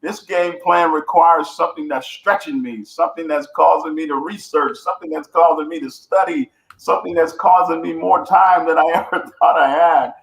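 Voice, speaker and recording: Man, guest coach, earnest storytelling, repetitive phrasing, gravelly, echoey room. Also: a little high, fairly even intonation, normal speed, hardly any pauses, a bit bright. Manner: earnest, builds points through repetition. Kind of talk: reflective storytelling.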